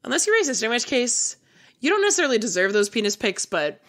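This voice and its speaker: A woman's voice: on the high side, very animated, quick pace. A woman co-hosting a comedy podcast, chatting casually and joking, laughing often. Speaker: podcast co-host.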